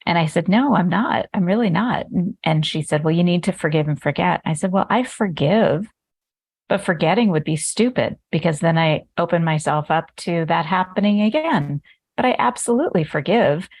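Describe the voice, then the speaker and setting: Woman host, lowish voice, relaxed candid chat, dry close sound. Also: moderate pace, dry recording. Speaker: podcast host. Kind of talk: casual conversation.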